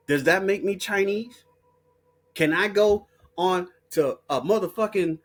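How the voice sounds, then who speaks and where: A man's voice: sits high, a bit bright. A man from the United States in an unscripted, profane rant as an online commentator, blunt and heated, laughing between points.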